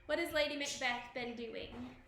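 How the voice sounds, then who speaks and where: A woman's voice: sits high, normal speed, echoey room, a little hiss or hum. A woman voicing an anxious, confiding lady-in-waiting in a storybook. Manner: hushed, confiding.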